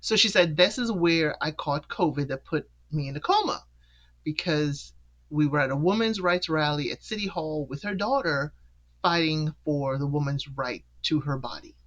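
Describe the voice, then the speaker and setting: A show host chatting through an episode recap in a loose, casual way. The voice leaps up in pitch to act out each character's lines and drops back down for the storytelling, with laughs between points. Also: normal speed, muffled recording. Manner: animated, acts out the characters' lines with pitch jumps.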